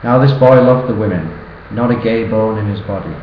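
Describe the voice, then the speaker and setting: A man's voice: fairly low pitch, fairly quick. Man, early 20s, sing-song rhyming toast; roomy room, faint background hum. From northern England. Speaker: best friend giving a birthday toast. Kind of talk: reciting a humorous rhyming poem. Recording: roomy, dull sound with faint ambience.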